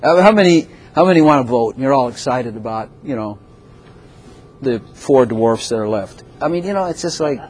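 Husky pastor preaching. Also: male voice, mid-range voice, moderate pace, poor audio. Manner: animated, laughing asides, repeats phrases for emphasis. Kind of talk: sermon.

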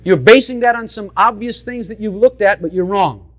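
A high-voiced man preaching a sermon. He is emphatic and direct with his congregation and hammers his points home through repetition. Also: moderate pace.

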